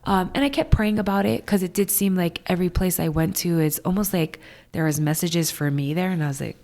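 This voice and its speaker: A woman in her thirties from Hawaii, telling her story as a guest, animated and full of "like". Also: a little fast. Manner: animated, acts out quoted voices with high jumps; many fillers of "like". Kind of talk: casual storytelling interview.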